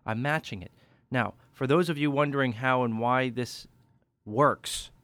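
Energetic male speech coach, dry close sound. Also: medium pitch, measured pace, no echo. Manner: energetic, varies inflection for emphasis. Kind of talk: instructional podcast tip.

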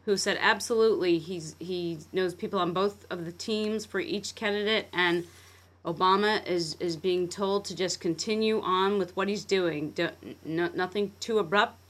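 Brisk woman guest on a talk show. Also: on the low side, fairly even intonation. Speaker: guest expert. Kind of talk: radio talk discussion.

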